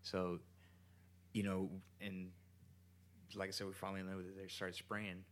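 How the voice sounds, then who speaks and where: A man's voice: sits low, monotone, a little slow, a little hiss or hum. A man casually telling a rambling, profane story in his home kitchen, often restarting his sentences.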